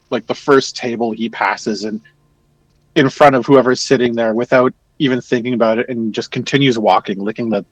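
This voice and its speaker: A male tabletop player with a husky voice describing what his character does in a chatty, casual way. His pitch moves lively, and the sound is dry and close. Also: dry recording, rough recording.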